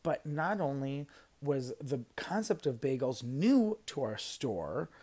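A man's voice: mid-range voice, sing-song, slow, darkish tone. A young man on a casual podcast, retelling a work story in a heated, swearing rant with emphatic outbursts. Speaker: podcast guest recounting a job story.

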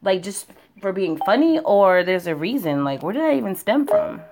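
Chatty woman with a lively voice. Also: mid-range voice, moderate pace, a little hiss or hum. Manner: relaxed, chatty. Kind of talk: casual chat.

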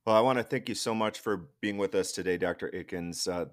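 A man with a very low voice hosts an interview. He asks measured, thoughtful questions and thanks his guest at the close. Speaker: podcast host, interviewer. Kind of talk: interview conversation.

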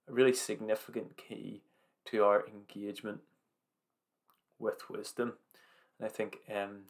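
A man giving an earnest, informal devotional talk, reading scripture aloud with halting restarts and slow emphatic phrases. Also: on the low side, vocal fry. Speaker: preacher.

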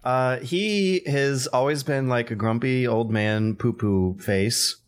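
A man's voice: mid-range voice, takes it slowly. A man co-hosting a casual podcast, rambling with lots of fillers and talking between bites of food. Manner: rambling, filler-heavy, does gruff old-man impressions. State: eating while talking. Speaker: podcast co-host.

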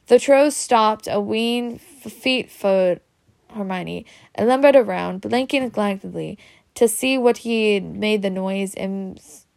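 A woman reading a children's story aloud in a steady way. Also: medium pitch, vocal fry. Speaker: reader.

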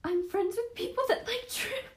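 A young woman co-hosting a podcast, chatting casually with teasing jokes, quick interjections and frequent giggles. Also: extremely high pitch. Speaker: podcast co-host. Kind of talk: casual chat.

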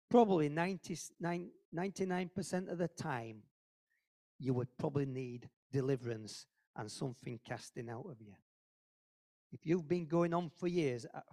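A man's voice: medium pitch, dark tone. A man giving an informal, earnest sermon to a church group, talking conversationally and repeating phrases for emphasis. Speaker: lay preacher at a church meeting.

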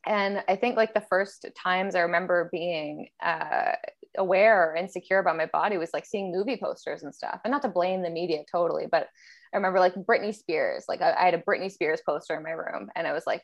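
A woman's voice: fairly low pitch, brisk. A woman co-hosting a podcast, talking in a reflective, casual way and laughing often. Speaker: podcast co-host. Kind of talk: casual chat.

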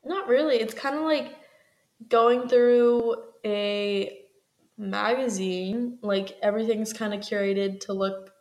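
A woman's voice: on the high side, takes it slowly, a little mellow, dull audio. A young woman co-hosting a podcast, chatting casually, filling her talk with "like" and laughing often. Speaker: podcast co-host. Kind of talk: casual chat.

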